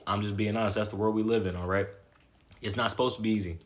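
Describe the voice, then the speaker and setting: In a casual motivational monologue, a man with a fairly low, steady voice talks quickly, blunt and full of slang. He's emphatic and repetitive, tagging his lines with "okay?" again and again.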